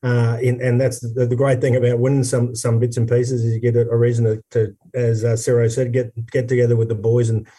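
An Australian man, a former rugby player, telling a lively story in casual conversation with many restarts. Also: medium pitch, fairly quick, few pauses, recorded from a distance. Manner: animated anecdote teller, many restarts.

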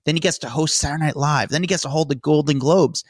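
A man's voice: on the high side, fast, dry recording, clean studio sound. Opinionated male podcast co-host. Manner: opinionated, mocking, rambling with "like". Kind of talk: casual celebrity news chat.

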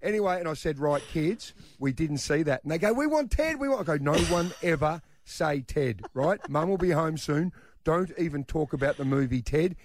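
A man's voice: fairly high pitch, normal speed, no room sound, studio quality. A middle-aged man telling a self-mocking story on air. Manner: animated, self-mocking, acts out quotes. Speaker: radio host. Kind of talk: casual storytelling.

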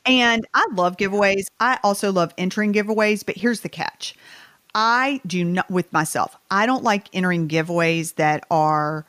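A woman's voice: mid-range voice, moderate pace, no room sound. A woman with a Southern US accent, co-hosting a podcast in casual, chatty talk. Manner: chatty, animated, a little bitter. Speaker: podcast co-host. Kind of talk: casual chat.

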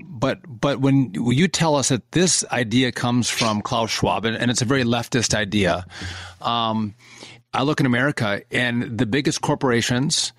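A man's voice: medium pitch, a bit bright, no room sound, studio quality. A man hosting an interview, rambling through his questions with many restarts. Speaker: interview host.

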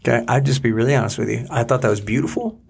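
A man's voice: mid-range voice, very fast, creaky, husky. A middle-aged man co-hosting a podcast, talking in an earnest, rambling and heartfelt way, sometimes praying aloud. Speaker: podcast co-host. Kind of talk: casual chat and spoken prayer.

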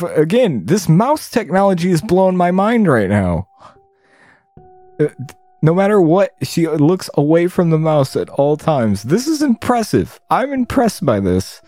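A man's voice: on the high side, very animated, a little slow, dark tone, no echo. A man commentating while he plays a game, incredulous, swearing often and laughing at what is on screen. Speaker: gamer.

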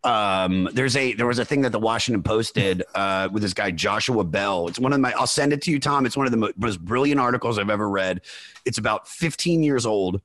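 A man hosting a music podcast in loose casual chat, rambling and excitable, swearing freely as he tells stories. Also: lowish voice, fairly quick, no room sound. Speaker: podcast host.

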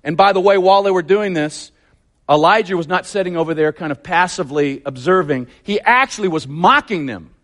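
A man's voice: sits high, fairly quick, fairly bright tone. A man preaching a sermon, telling the story vividly and emphatically with lots of repetition.

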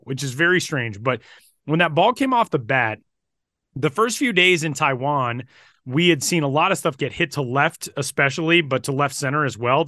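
A man, a baseball broadcaster, telling stories on a podcast in a casual, energetic way with some fillers. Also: medium pitch, dry recording, clean studio sound. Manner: energetic, animated retelling with fillers.

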